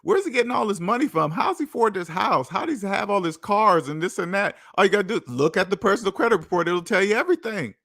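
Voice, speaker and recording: A man's voice: high voice, animated, quick pace, hardly any pauses, a bit bright, no echo, clean studio sound. A man hosting his own channel, giving a repetitive, emphatic casual monologue. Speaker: channel host.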